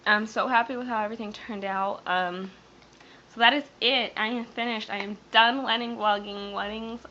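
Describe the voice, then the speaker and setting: A young woman speaks to camera in a bright, sharp voice, near tears as she rambles through a personal story. Her talk is full of fillers, restarts and breaks. The sound is dull and lo-fi, as from a webcam. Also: fairly high pitch, steady tone, normal speed. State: teary, near crying. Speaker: vlogger.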